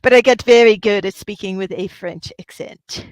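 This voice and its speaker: A woman's voice: mid-range voice, normal speed, no room sound. A woman hosting a livestream, chatting casually and upbeat with her viewers. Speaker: livestream host.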